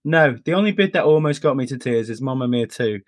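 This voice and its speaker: A man's voice: medium pitch, expressive, fast, dry recording, clean studio sound. A British man co-hosting a podcast, chatting casually with a wry, teasing manner. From Britain. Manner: wry, teasing, joking delivery. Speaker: podcast co-host. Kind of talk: casual chat.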